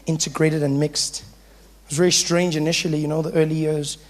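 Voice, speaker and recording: A man doing stand-up comedy, telling stories in an animated way. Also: a little high, fairly quick. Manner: animated storytelling, switching into voices. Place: comedy stage before a live audience.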